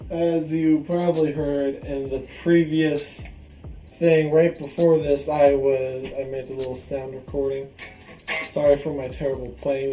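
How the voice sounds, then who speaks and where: A guitar vlogger casually shows off a guitar in show-and-tell style, rambling with fillers and restarts. His mid-range voice is warm, with a little hiss or hum, in an echoey room with faint music.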